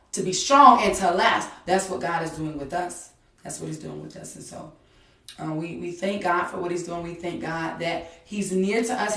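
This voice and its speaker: A woman preacher from Georgia delivering a fervent, repetitive sermon of encouragement. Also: medium pitch. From Georgia, USA. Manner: fervent, repetitive exhortation with rising intensity. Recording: echoey room, voice from a distance.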